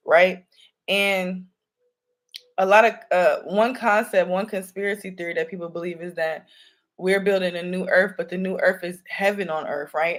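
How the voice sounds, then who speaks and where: A woman, a spiritual reader talking loosely and rambling to her viewers about signs and energy. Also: fairly low pitch. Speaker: spiritual reader and channel host. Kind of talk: casual spiritual channeling talk to viewers. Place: home room with candles.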